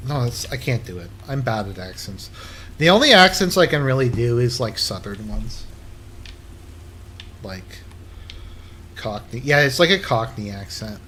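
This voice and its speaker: A man's voice: medium pitch, lively intonation, a little slow, long pauses, sharp tone, a little hiss or hum. Rambling, blunt male streamer. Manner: rambling, filler-heavy, blunt and crude. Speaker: livestreamer. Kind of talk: casual chat while gaming.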